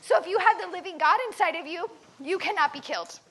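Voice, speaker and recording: A woman's voice: extremely high pitch, fast talker, fairly bright tone. Woman doing a pushy male prison warden. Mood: insistent. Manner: insistent, commanding.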